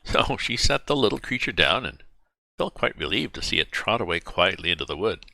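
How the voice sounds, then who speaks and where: Low-voiced man reading a story aloud. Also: very animated, fairly quick, creaky, pushed and bright, no room sound. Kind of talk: reading a children's novel aloud.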